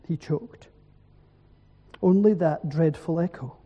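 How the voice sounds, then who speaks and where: A man preaching an evening sermon in a church, slow and solemn, using emphatic repetition. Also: on the high side, dark tone, breathy edge, big-room sound.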